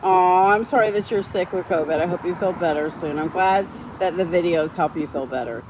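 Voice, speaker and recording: A woman's voice: lowish voice, fairly quick, background noise. A woman hosting a casual live stream, chatting with viewers, reading out their comments and getting heated about how dogs are treated. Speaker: livestream host.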